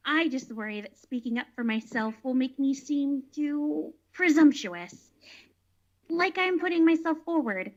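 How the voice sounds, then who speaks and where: A woman's voice: sits high, expressive, a little slow. A woman playing a prim, modest scientist. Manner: prim, polite. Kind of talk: amateur drama clip. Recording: dull lo-fi clip audio.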